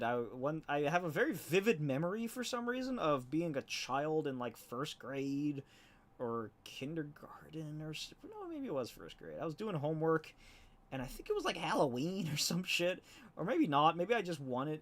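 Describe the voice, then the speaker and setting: A man's voice: on the high side, expressive, a little fast. A comic artist rambling casually on a live stream while he inks, laughing often and swearing offhandedly.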